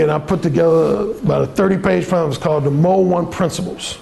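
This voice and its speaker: Man, seminar speaker, frank profane storytelling, gravelly voice, slightly high pitch. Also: fairly even intonation, brisk, a little mellow, a little hiss or hum. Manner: frank, profane, acts out the people in his stories. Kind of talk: storytelling talk.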